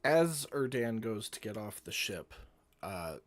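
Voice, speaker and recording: A low-voiced man narrates what his character does in a tabletop game and speaks of him in the third person. His delivery is plain and steady. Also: unhurried, no echo. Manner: describes actions in third person. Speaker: player. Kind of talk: tabletop role-play narration.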